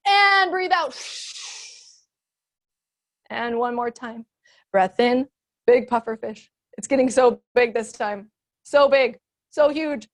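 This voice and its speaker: High-voiced playful kids yoga teacher woman. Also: lively intonation, normal speed, pauses often. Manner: playful, encouraging, sing-song cues. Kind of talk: guided kids yoga class.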